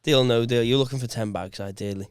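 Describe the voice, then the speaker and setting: A man co-hosting a podcast, playful and teasing with sudden bursts of excitement. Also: medium pitch, fast, clean tone, no echo, clean studio sound. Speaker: podcast co-host. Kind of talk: casual chat.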